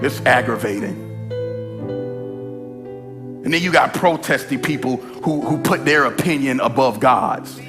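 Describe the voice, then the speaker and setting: A man preaching an energetic sermon at a church service. He shouts, stretches his words for emphasis and speaks straight to the congregation. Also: medium pitch, unhurried, pauses often, over music. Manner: addresses the congregation directly. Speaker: pastor.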